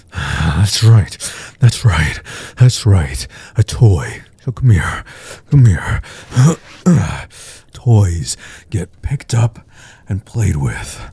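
A man voicing a dominant, teasing adult man in an audio role-play, murmuring low taunts with breathy grunts. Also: big pitch swings, extremely slow, long pauses, dark tone, no room sound, exaggerated voice. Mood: heated commanding.

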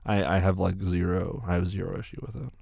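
Low gravelly man answering fan questions. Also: steady tone, quick pace, a little mellow, no echo, studio quality. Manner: rambling, repeats words, swears freely. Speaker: creator answering viewer questions. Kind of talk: casual Q&A chat.

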